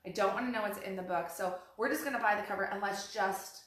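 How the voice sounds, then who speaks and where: A woman in her forties chats in an animated, storytelling way and circles back on her own phrases. She sits in a room with strong echo. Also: mid-range voice, fast. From Texas. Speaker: podcast co-host. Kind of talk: casual chat. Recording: very echoey room.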